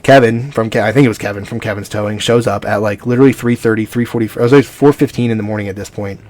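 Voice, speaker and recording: A man's voice: lowish voice, fast. A man, rambling through a story in a casual vlog and acting out the people in it. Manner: rambling, animated retelling with quoted dialogue. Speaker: vlogger.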